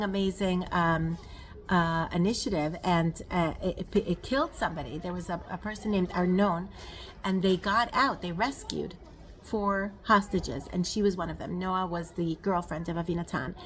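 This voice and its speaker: A woman giving a spoken Torah lesson, earnest and emphatic, mixing in Hebrew terms and slowing down to stress key words. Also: fairly low pitch, slight background noise. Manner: rises and slows on emphasis, frequent fillers. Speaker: Torah teacher.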